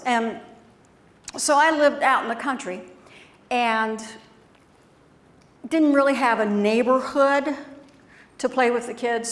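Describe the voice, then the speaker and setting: A middle-aged woman giving a keynote talk, telling stories in a conversational, animated way. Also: on the high side. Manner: conversational, animated storytelling with acted quotes. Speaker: keynote speaker. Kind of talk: storytelling keynote speech. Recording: echoey room.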